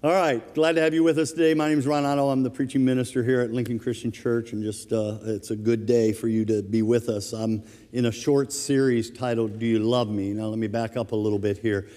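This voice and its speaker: A man preaching a sermon as minister of his church, telling a funny everyday story in a relaxed, conversational way. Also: medium pitch, brisk, hardly any pauses, in a large hall. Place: church sanctuary.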